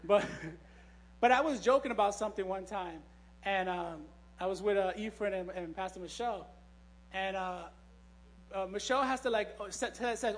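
Male preacher, high voice, relaxed storytelling sermon with jokes and restarts. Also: moderate pace. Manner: joking, storytelling, frequent restarts. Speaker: pastor. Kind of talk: conversational sermon. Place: church.

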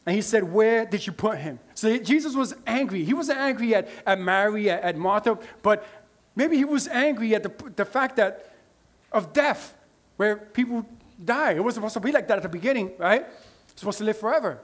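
A male pastor preaching a sermon in a loose, conversational way, checking in with "right?" and swinging from quiet murmurs to loud emotional bursts. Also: sits high, animated, moderate pace. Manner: conversational preaching with frequent "right?" asides and restarts.

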